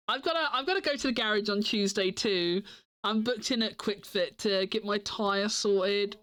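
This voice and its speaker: A woman's voice: mid-range voice, measured pace, pauses often, fairly bright tone. A sleepy woman streamer chatting casually, giggling often and rambling with many restarts. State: sleepy, yawning. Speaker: live streamer.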